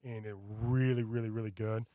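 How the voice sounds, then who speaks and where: A man chatting casually on a radio show, telling a rambling, animated story with many fillers. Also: on the low side, normal speed, dry recording, studio quality. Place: radio studio.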